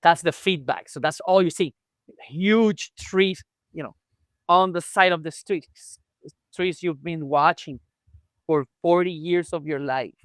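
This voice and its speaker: A man's voice: a little high, measured pace, no room sound. A chiropractor guest telling his story in a conversational podcast interview, acting out remembered dialogue as he goes.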